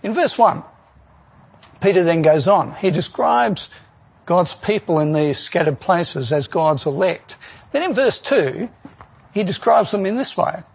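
A man's voice: sits high, animated, unhurried, vocal fry, breathy edge, highs cut off. A man preaching a sermon in an earnest way, often asking the listeners rhetorical questions.

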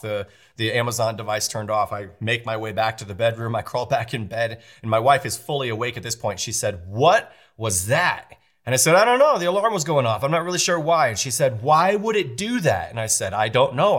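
A man in his thirties, a pastor telling a family story in a sermon, animated and acting out the voices of his wife and kids. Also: medium pitch. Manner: animated, acts out family dialogue with playful voices.

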